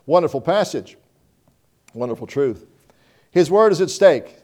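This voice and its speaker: A man preaching a sermon, quoting scripture and swinging between loud emphasis and hushed, slowed delivery. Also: on the high side, expressive.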